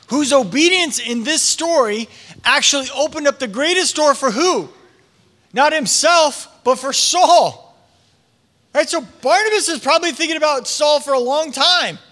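A man preaching a sermon, telling a story with animated voices for the people in it. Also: extremely high pitch, moderate pace. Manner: animated storytelling, acting out quoted prayers. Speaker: pastor.

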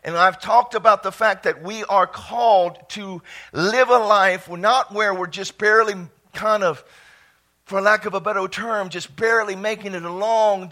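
Fervent preacher man, bright and high. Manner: fervent, bursts into shouts and exclamations. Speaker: pastor. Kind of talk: sermon. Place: church.

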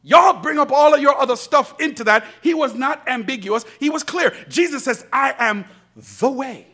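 A man preaching a sermon as pastor, swinging between soft, low asides and loud, emphatic lines, with laughing asides. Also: normal speed. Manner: animated preaching, rising to shouts, laughing asides.

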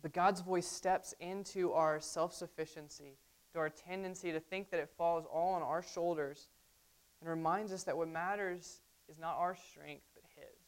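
A woman's voice: lowish voice, steady tone, normal speed. A woman delivers a sermon from the pulpit. She keeps it conversational, tossing in frequent asides to the congregation. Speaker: pastor.

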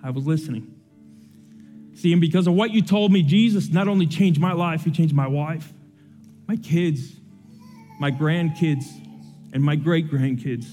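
Animated preacher with a mellow voice. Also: male voice, unhurried, soft background music. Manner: animated storytelling, soft and low in prayer. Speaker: pastor. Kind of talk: sermon with personal story and prayer.

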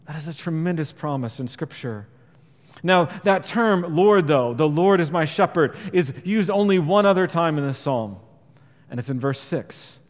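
A man preaching a sermon in a church sanctuary, his slightly high voice ringing through a long hall reverb. He talks earnestly, builds louder on key points and sinks quiet when he quotes scripture. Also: animated, normal speed. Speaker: pastor.

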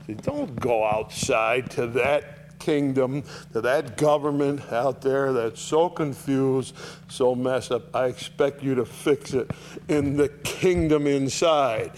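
Man, Bible teacher, verse-by-verse teaching, animated, mid-pitched voice, faint hum behind. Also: slow pace. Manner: animated, rising sharply to voice Paul's rebukes, dropping low for asides.

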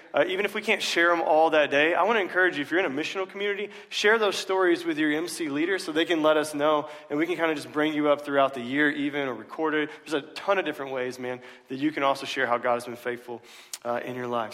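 A man preaching a sermon to his church in a relaxed, joking way, full of "uh" fillers. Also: a little high, fast. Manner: casual, joking, many "uh" fillers. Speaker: pastor. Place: church sanctuary. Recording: long reverb of a large hall.

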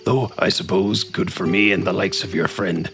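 An actor playing a gruff, drunken male elf boat captain and former smuggler with a deep gravelly voice, slurring and gloomy, in an audio drama. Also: fairly even intonation, normal speed. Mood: grumbling. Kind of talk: audio drama podcast acting. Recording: faint background music.

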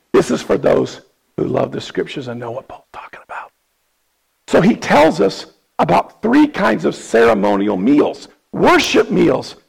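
Hoarse, gravelly pastor preaching. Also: male voice, sits high, low-quality recording. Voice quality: raspy, gravelly. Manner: impassioned, rising to emphatic questions. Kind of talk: sermon.

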